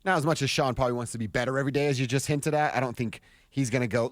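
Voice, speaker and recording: A man's voice: mid-range voice, lively intonation, fast talker, fairly bright tone. A man co-hosting a sports radio show in a studio, easygoing and conversational, with plenty of filler words. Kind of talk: casual sports talk radio. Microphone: studio microphone.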